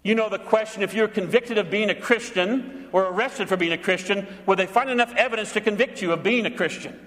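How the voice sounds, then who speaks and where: Male pastor, high voice, dramatic sermon delivery, echoing church hall. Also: fairly quick, a bit bright. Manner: dramatic, acts out voices, rhetorical questions, pitch swings.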